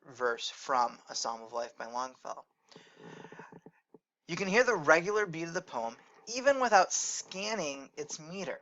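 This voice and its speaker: A man teaching a recorded lecture, explaining in a measured way and correcting his own slips as he goes. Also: a little high, animated, fairly bright tone, muffled recording.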